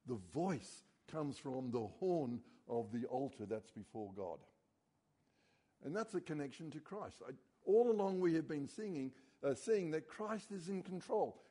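A man preaching a sermon as pastor, earnest and dropping low and quiet on key words. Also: expressive, unhurried.

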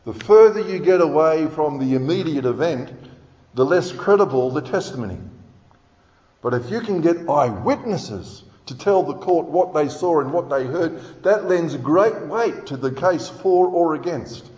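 A man's voice: on the high side, expressive, unhurried, mellow. A man preaching a sermon in an earnest, emphatic way, reading scripture aloud. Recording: dull sound with long hall reverb.

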